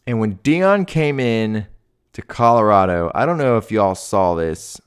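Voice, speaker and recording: Smooth-voiced man ranting about football. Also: lowish voice, expressive, measured pace. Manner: casual, heavy with "like" and "dude", grows heated and ranting. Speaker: swim coach hosting a college football show. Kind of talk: casual sports commentary.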